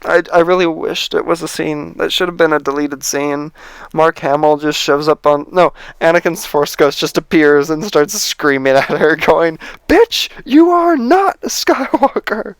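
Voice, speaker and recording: Exasperated man ranting, smooth voice. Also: fairly high pitch, fairly even intonation, moderate pace, a bit bright, no room sound. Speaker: movie reviewer. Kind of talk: ranting film review.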